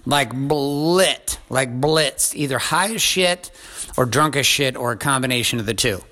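A man hosting a podcast, telling a story in a lively, profane monologue. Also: medium pitch, measured pace. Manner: profane, animated retelling with acted quotes. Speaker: podcast host.

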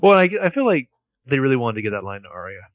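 A man's voice: medium pitch, very animated, fast, no room sound, highs cut off. A man with a mid-range voice chats casually as a podcast co-host. He walks through the plot step by step and adds wry asides. The recording is dry and close. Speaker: podcast co-host recapping a TV episode. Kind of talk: casual chat.

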